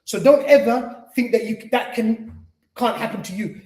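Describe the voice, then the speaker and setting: A man's voice: very high-pitched, moderate pace, a little mellow. A man teaching at an Islamic centre, speaking conversationally, acting out little dialogues and often adding "you see". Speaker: Islamic teacher and spiritual healer. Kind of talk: mosque lecture. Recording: echoey lecture hall.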